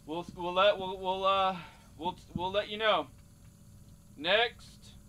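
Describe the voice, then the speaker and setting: A man's voice: high voice, fairly even intonation, bright, forceful tone. A man hosting a game play-through, joking as a mock casting director. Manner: slow, mock-official casting director bit. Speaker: gaming channel host.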